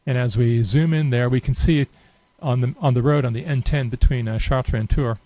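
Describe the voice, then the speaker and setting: A man giving a relaxed, unscripted screen-recorded software tutorial, thinking aloud with many fillers. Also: mid-range voice, fairly quick, dry recording, low-quality recording. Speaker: software demonstrator.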